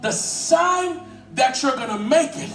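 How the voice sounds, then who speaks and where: A pastor preaching a sermon with animated energy that builds to shouting. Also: male voice, very high-pitched, slow, far from the mic, over music. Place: church sanctuary. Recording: echoey hall recorded from afar.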